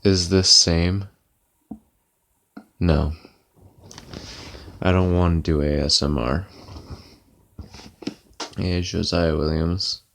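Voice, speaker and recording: A worn-out man talks on his live stream in a flat, deadpan monotone. His voice sits very low and rough with gravel, and he sounds lazy and sleepy. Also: slow, pauses often. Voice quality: monotone delivery. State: tired and yawning. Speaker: livestreamer. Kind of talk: casual live-stream chat. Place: at home, lying back comfortably.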